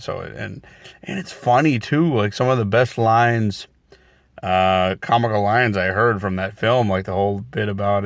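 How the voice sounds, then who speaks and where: A man's voice: fairly bright tone, dry recording, studio quality. A man casually talking through his thoughts on a movie series, rambling with many fillers and restarts. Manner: acts out quoted lines in a higher voice. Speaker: movie reviewer. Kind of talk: casual spoken review.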